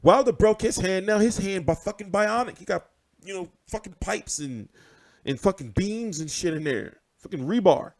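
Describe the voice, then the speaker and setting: A man's voice: high voice, normal speed. A man hosting casual boxing commentary, ranting with lots of swearing and repetition. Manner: animated, profane, repeats himself.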